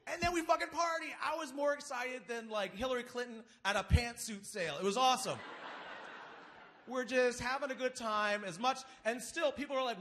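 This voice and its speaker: On a big theater stage before an audience, a man tells a funny tale into a stage microphone, animatedly voicing his friends' lines. His high, lively voice climbs and dips toward each joke, delivered fast, with a slight hiss or hum in the background.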